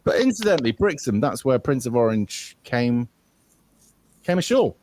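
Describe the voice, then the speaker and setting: A man's voice: medium pitch, very animated, normal speed, a little mellow, a little hiss or hum. A man from the West Country, a guest on a casual livestream, talking in a rambling, irreverent way. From West Country of England.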